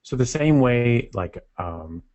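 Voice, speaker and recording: A man's voice: medium pitch, expressive, slow, darkish tone. A man co-hosting a webinar, explaining a product in an upbeat, explanatory way. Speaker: company representative, co-host. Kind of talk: webinar talk. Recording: muffled lo-fi audio.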